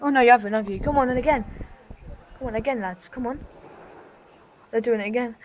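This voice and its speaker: A woman's voice: on the high side, expressive, moderate pace, pauses often, heavy background noise. A woman filming a casual vlog, talking in a rowdy, crude way and swearing and laughing freely as she cheers on fireworks. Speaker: vlogger. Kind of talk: excited casual commentary while watching fireworks.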